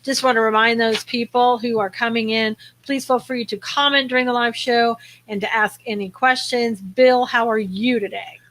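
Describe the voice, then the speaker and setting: A woman co-hosting a live talk show, chatty and quick to laugh, greeting viewers by name. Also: a little high, steady tone, fairly bright tone. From American South. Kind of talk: casual chat.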